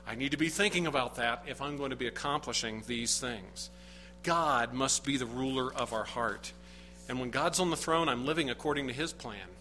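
A man's voice: fairly high pitch, pushed and bright, low-quality recording. A man preaching a sermon, earnest and emphatic, often building to rising bursts of emphasis. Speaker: pastor.

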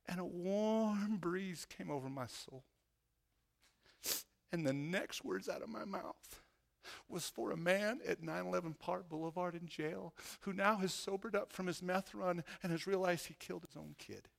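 A middle-aged man, a police chaplain, preaching an emotional testimony that swells to loud, fervent peaks. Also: high voice, a little slow, vocal fry. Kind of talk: sermon testimony.

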